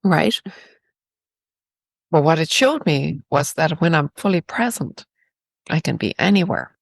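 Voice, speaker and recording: Speaking from a low, creaky register with lively intonation and a measured pace, an Irish-accented woman tells personal stories as a podcast guest. She sounds reflective and spiritual, leaning on a rhetorical "right?", and the recording has no echo.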